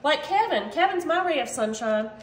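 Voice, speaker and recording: A chatty woman with a high, bright voice talks her viewers through a recipe in her home kitchen, joking at her own expense. The room gives her voice a noticeable echo, with a light hum of ambience underneath. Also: expressive, normal speed. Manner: chatty, playful, self-mocking, keeps saying y'all. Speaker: cooking vlog host. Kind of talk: casual cooking chat to viewers.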